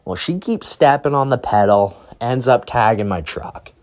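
A man's voice: mid-range voice, animated, normal speed. A young man hosting a podcast, telling a casual, rambling story and often tagging his sentences with "right?". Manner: rambling, tags lines with "right?". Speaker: podcast host.

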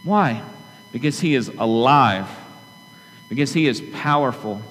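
A pastor preaching a sermon to his church in an earnest, conversational way, often turning to the congregation with quick asides. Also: mid-range voice, animated, a bit bright, soft background music. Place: church sanctuary. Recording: long hall reverb with faint hum.

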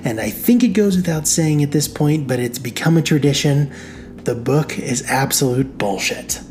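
Woman narrator, low voice, slow wry comic reading, faint hiss behind. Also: expressive, darkish tone. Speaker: podcast host reading her own novel. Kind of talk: comic reading of a romance story.

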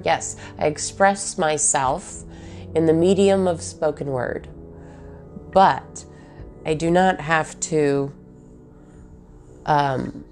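A woman's voice: low-pitched, a little mellow. A woman thinking aloud in a reflective personal monologue, with many fillers and questions to herself.

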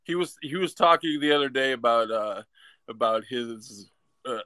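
A man's voice: medium pitch, moderate pace, sharp tone, no room sound. A man co-hosting a casual chat, giggly, often restarting sentences and saying "like". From United States. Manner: giggly, stammers and restarts, uses "like" a lot. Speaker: co-host.

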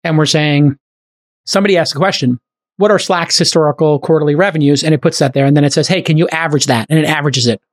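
Fast-talking middle-aged male podcast host. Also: on the high side. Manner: fast, enthusiastic talker with many "like" fillers. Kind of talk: casual chat.

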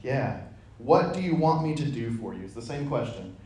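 A man leading an interactive Bible study, reading scripture and acting out the dialogue with lively energy. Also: mid-range voice, normal speed. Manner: animated, acts out dialogue in voices. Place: church meeting room. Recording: echoey room.

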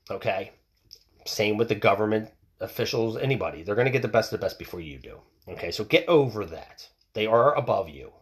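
A man hosting a show from home, ranting bluntly with plenty of swearing and restarts, into a home mic that picks up outside noise. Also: medium pitch. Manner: blunt, profane, fired-up ranting with many restarts. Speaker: podcast host. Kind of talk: casual opinion rant.

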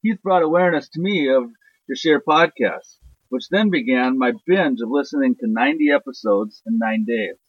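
A man's voice: mid-range voice, animated, moderate pace, husky, no room sound. A man leaves an upbeat, jokey voice message for a podcast host. His voice comes through dull and lo-fi, as on a phone recording. The sound is close and dry. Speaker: listener leaving a voice message.

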